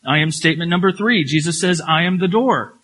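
A man preaching a sermon. He talks emphatically, repeats key phrases, asks rhetorical questions and slows down when he reads scripture. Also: a little high, fairly bright tone, low-quality recording. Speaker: pastor.

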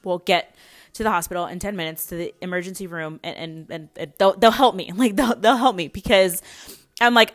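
A woman's voice: on the low side, fairly quick. A young adult woman hosting a podcast, telling a personal story in a casual, rambling way with many fillers and restarts. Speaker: podcast host.

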